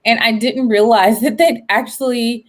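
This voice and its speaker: Animated woman in her late thirties. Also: on the high side, moderate pace. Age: 30s. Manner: animated, expressive, upbeat. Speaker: guest, veteran and entrepreneur. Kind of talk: casual interview chat.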